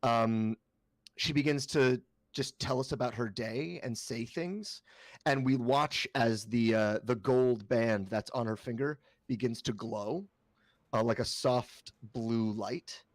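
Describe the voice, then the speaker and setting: A man's voice: mid-range voice, takes it slowly, dry recording. A man playing a tabletop game, describing his character's actions in a rambling way with many fillers. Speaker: player. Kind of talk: tabletop game play and narration.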